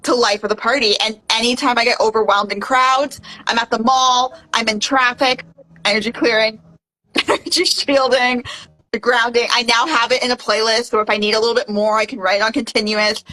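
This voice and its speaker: Bright, animated young woman. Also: a little high, faint music behind, rough recording. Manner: fast and animated, heavy use of "like". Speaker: guest. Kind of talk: casual testimonial storytelling.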